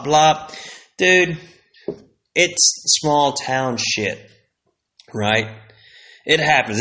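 A man in his thirties talks on his solo podcast in a loose, rambling way, full of swearing, slang and fillers. His voice sits at an everyday middle pitch. He drifts from tangent to tangent like a friend chatting. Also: a bit bright. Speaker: podcast host.

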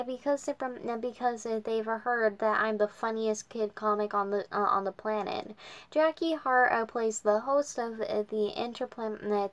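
Halting woman reading a novel aloud. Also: on the high side, a bit bright. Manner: halting, filled with uhs and restarts. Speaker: reader.

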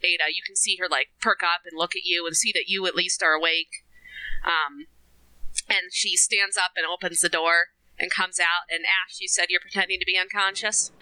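A woman running a tabletop game as game master, narrating in a chatty, halting way. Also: on the low side, steady tone, bright, forceful tone, dry recording, low-quality recording.

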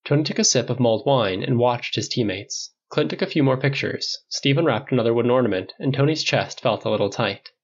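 Husky guy reading a story, lively delivery, muffled lo-fi audio. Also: medium pitch, fairly quick, hardly any pauses. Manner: expressive, does voices. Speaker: audiobook reader. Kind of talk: fan fiction read aloud.

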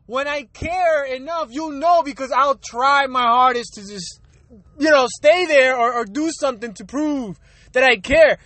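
A man's voice: very high-pitched, a little slow, bright, forceful tone, dry recording. A young man ranting casually and bluntly, swearing and laughing often as he talks. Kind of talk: casual rant.

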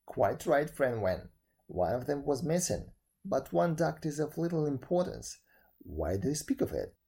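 A man voicing a calm, kindly man who forgives easily and laughs heartily, in a storybook reading. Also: fairly high pitch, a little slow, creaky, breathy edge, exaggerated voice. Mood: mild.

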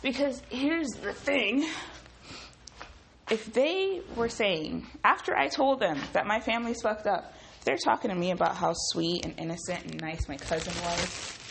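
A woman hosting a podcast from her home kitchen, telling a story in a profane, rambling, animated way. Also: mid-range voice, a little slow, vocal fry, slight background noise, low-quality recording. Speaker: podcast host. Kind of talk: casual storytelling monologue.

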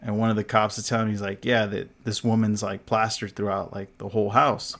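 A man's voice: on the low side, little pitch movement, brisk, fairly bright tone. A man co-hosting a podcast, telling a story in casual chat, full of fillers, swearing and laughter, acting out what others said. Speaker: podcast co-host.

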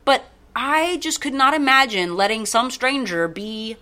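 A woman's voice: high voice, unhurried. A woman co-hosting a podcast, rambling through a story in casual chat and swearing freely. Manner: profane, rambling, animated. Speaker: podcast co-host.

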